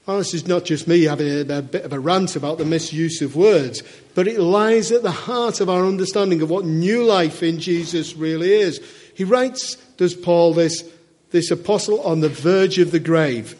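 A man's voice: sits high, a little mellow. A man preaching a sermon to a church congregation in a conversational way, often asking his listeners questions.

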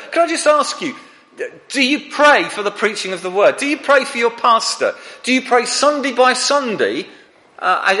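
A man's voice: high-pitched, pushed and bright, long reverb tail. A man preaching a sermon to his church, earnest and pressing the listeners with direct questions.

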